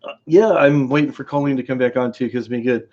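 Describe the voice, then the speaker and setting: A man's voice: medium pitch, fairly even intonation, fast talker, a little mellow, highs cut off. A man hosting a live stream in casual chat, rambling, laughing often and greeting viewers by name.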